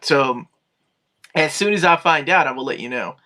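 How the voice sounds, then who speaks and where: A man's voice: on the high side, moderate pace, sharp tone. A man hosting a live comics chat, reading viewer questions aloud and riffing on them. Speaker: host.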